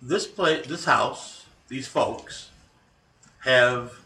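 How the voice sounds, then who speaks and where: A man co-hosting a casual chat, speaking haltingly with fillers and restarts. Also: mid-range voice, vocal fry, sharp tone, reverberant, distant mic. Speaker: paranormal investigator, podcast co-host.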